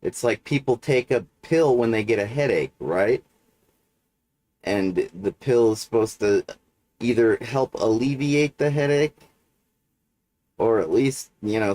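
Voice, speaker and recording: A man's voice: lowish voice, darkish tone, no echo. A man hosting a livestream, talking in a meandering monologue full of fillers, with frequent "right?" check-ins. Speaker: livestream host. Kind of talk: rambling monologue.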